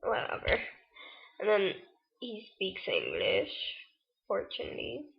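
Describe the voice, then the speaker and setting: A woman's voice: mid-range voice, wildly swooping pitch, unhurried, creaky. Young woman of eighteen, chatty vlog storytelling, lots of "like" and "um", dull lo-fi sound. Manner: chatty, rambling, with many fillers and laughs. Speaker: vlogger. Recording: lo-fi webcam audio.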